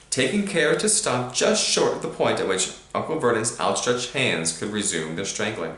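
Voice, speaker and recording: Man, storybook read-aloud, lively intonation, roomy echo. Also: fairly low pitch, normal speed, few pauses. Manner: animated, emphatic reading. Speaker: reader to a child.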